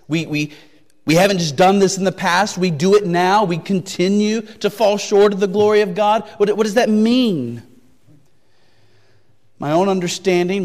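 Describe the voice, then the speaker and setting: In a big-sounding room, a male pastor with a high voice delivers his sermon slowly and forcefully, echoing key phrases and raising rhetorical questions meant to make listeners reflect.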